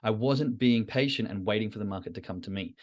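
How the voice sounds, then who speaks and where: A man's voice: on the low side, fast. A man hosting a podcast, talking candidly and self-critically to a live chat, often repeating phrases for emphasis. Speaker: trading podcast host. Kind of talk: reflective solo talk to a live chat.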